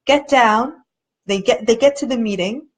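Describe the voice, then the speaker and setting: Earnest, chatty woman, slightly high voice. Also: a little slow. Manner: earnest, conversational, acts out quoted people with shifting pitch; restarts and searches for words. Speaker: documentary director hosting a live chat. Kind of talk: casual live video chat.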